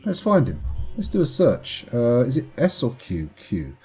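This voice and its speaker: A man's voice: medium pitch, wildly swooping pitch, measured pace, a little mellow, slightly rough, faint music behind. A man streaming live gameplay commentary in a playful, chatty, self-mocking way.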